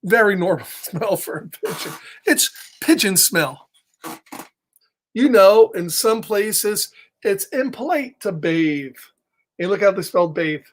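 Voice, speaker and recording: A man's voice: high-pitched, animated, slow. A man reading a picture book aloud to children, playful and chuckling as he talks to his young listeners. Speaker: children's storyteller.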